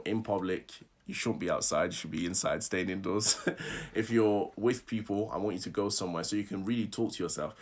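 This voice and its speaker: A man coaching public speaking, leading listeners through affirmations and laughing often. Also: lowish voice. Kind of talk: live online workshop talk.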